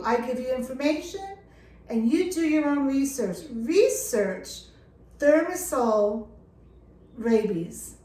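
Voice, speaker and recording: A woman's voice: high voice, lively intonation, slow, mellow, roomy sound. A middle-aged woman talking to camera in an earnest, impassioned way, leaning hard on key words. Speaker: dog care vlogger. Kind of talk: casual talk to camera. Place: lake house, indoors.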